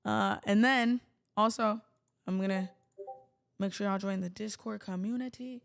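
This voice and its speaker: A woman's voice: medium pitch, steady tone, a little slow, gravelly. A woman hosting a livestream, talking casually to her viewers in a chatty, rambling way with jokey asides. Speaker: livestream host.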